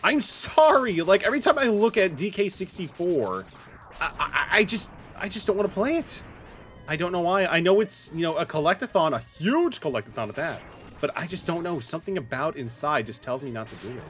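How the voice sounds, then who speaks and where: A man's voice: fairly high pitch, big pitch swings, a little fast, a bit bright, slight background noise. A man streaming a game live, chatting casually with his viewers as he plays, with lots of fillers and restarts. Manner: chatty, talks to chat viewers by name while playing; loose filler-heavy talk with many restarts. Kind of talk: casual livestream chat. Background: faint game music.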